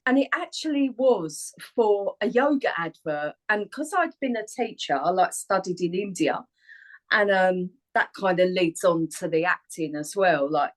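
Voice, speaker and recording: A woman's voice: on the low side, low-quality recording. Chatty woman in her forties. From Harlow, Essex, England. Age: 40s. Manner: chatty and rambling, laughs often. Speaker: guest singer and actor. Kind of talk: casual chat on a radio interview. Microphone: remote video call.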